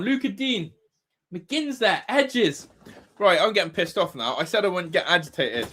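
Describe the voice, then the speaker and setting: A man hosting a live football watch-along, reacting loudly, swearing and shouting advice at the players. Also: high voice, lively intonation, a little slow. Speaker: fan watch-along host.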